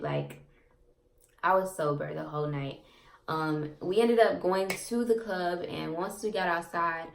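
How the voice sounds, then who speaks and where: A woman's voice: fairly low pitch, vocal fry, distant mic. A young woman vlogger casually telling a personal story to her viewers, chatty and rambling with lots of fillers and repeats. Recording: echoey room, off-mic.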